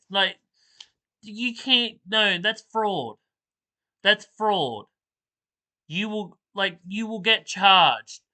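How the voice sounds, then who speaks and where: A man's voice: sits high, expressive, drawn-out words, long pauses, pushed and bright, rough recording. A man hosting a reaction video, ranting bluntly and with exasperation in casual commentary.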